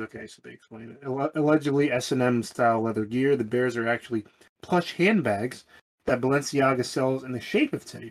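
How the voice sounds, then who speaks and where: A man co-hosting a podcast in casual chat, thinking aloud with restarts and blunt swearing, recorded far from the microphone with an echo. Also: mid-range voice. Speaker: podcast co-host. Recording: far from the mic, roomy echo.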